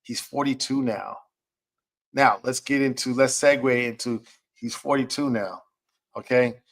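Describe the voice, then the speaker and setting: A man's voice: mid-range voice, unhurried, vocal fry. A middle-aged man, a music producer, giving casual commentary, chatty and often checking in with "okay?". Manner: chatty, repeats "okay?" to check in with listeners, acts out quotes.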